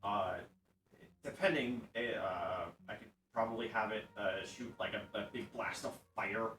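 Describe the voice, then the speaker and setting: A man voicing an eager young male goblin inventor, talking in a halting, rambling way full of restarts. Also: fairly low pitch, a bit bright, roomy sound, far from the mic, poor audio. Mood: explaining.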